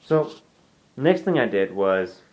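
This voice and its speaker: A man's voice: lowish voice, sing-song, slow, darkish tone. A young man telling a ghost story from his home to camera, rambling casually with lots of restarts and "I'm like" asides. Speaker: vlogger.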